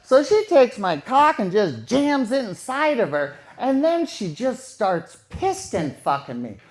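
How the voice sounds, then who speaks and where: A man's voice: very high-pitched, sing-song, a little slow. A man telling a true story in a casual, conversational way, repeating phrases for effect.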